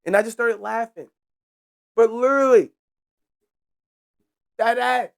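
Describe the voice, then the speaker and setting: A young man hosting a podcast, telling a story in a loose, animated rant full of swearing and laughs. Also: very high voice, a little slow, creaky, clean tone. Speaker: podcast host.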